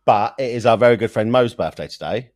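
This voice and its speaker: A man's voice: on the low side, quick pace, a little mellow, dry recording, clean studio sound. A man co-hosting a podcast, chatting casually in a giggly, teasing and sweary way. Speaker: podcast co-host. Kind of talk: casual chat.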